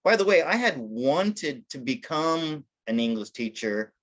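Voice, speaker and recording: A man's voice: fairly high pitch, big pitch swings, measured pace, fairly bright tone. A man telling his life story in a casual interview over a video call, rambling with restarts and laughing at himself. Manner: rambling, with many restarts and self-corrections; self-deprecating, laughing at himself.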